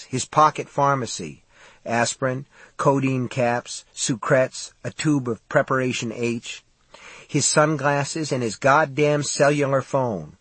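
Male audiobook narrator, husky, dry close recording, steady measured read. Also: medium pitch, no room sound. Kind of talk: scripted narration.

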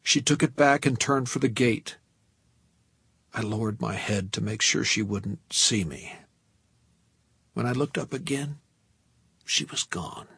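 A man reads a novel aloud in the first person, in a measured, tense way. His mid-pitched voice is gravelly and husky. The sound is dry and close, with no room around it. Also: a bit bright, dry recording. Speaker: audiobook narrator.

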